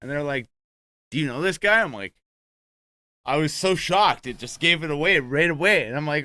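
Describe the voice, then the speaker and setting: Bright, clear-voiced man storyteller. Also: a little high. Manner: profane, animated, quick retelling with acted quotes. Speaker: podcast host telling a story. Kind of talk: casual storytelling.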